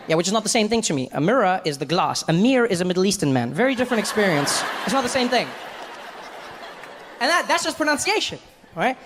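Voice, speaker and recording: A man with a South African accent doing stand-up comedy, telling self-deprecating stories in an animated way. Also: sits high. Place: comedy stage before a live audience.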